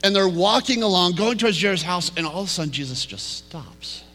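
Bright-voiced male preacher in a reverberant hall. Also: high-pitched, expressive. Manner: storytelling, slows down and drops to a hush for emphasis. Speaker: pastor. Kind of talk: sermon.

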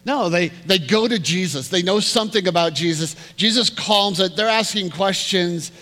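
A man preaching a sermon, retelling a Bible story with lively acted-out quotes and frequent repeated words. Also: high voice, normal speed. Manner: animated storytelling, acting out quoted voices, often repeats words. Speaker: pastor. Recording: hall reverb with faint hum.

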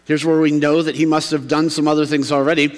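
A man preaching a relaxed, conversational sermon in a church sanctuary. His voice sits a little high for a man, and it carries a long reverb through the large hall. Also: fast. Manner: conversational, acts out townsfolk's reactions. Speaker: pastor.

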